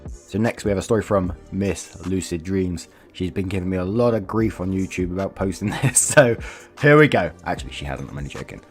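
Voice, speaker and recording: A man's voice: low-pitched, expressive, fairly quick, breathy edge, soft background music. A man hosting a channel, reading viewer stories aloud in a casual, chatty way, laughing often and swearing freely. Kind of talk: casual read-aloud storytelling with commentary.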